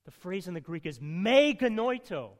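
A man preaching a sermon, emphatic, swinging from loud stresses to quiet asides. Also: high-pitched, big pitch swings, normal speed, in a large hall.

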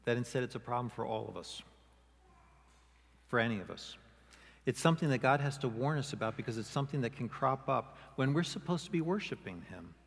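A male pastor preaching a sermon, expressive, often acting out quoted voices with rising emphasis. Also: medium pitch, fairly quick, creaky, breathy edge. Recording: long hall reverb.

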